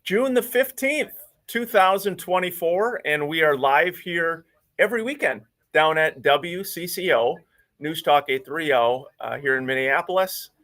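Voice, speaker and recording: A man hosting a live radio talk show from a studio, upbeat and often filling pauses with "uh". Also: a little high, expressive, fairly bright tone. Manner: upbeat, with frequent filler "uh"s.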